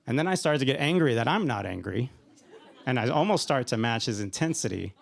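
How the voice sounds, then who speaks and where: A man with a gravelly, creaky voice tells a personal story at a live storytelling event. He rambles in a self-deprecating way and often laughs through his lines. His voice sits at an ordinary middle pitch. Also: animated, fairly quick, a faint crowd.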